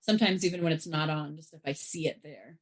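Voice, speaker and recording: Woman co-host, lowish voice, reads audience questions in a chatty, slightly halting way. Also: breathy edge. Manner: chatty, slightly hesitant reader. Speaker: co-host reading listener questions. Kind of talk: casual podcast chat, reading questions aloud.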